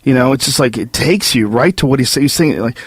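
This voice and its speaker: A man's voice: medium pitch, fast, slightly rough, dry recording. A man talking casually on a podcast, rambling and swearing freely. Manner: profane, rambling, animated.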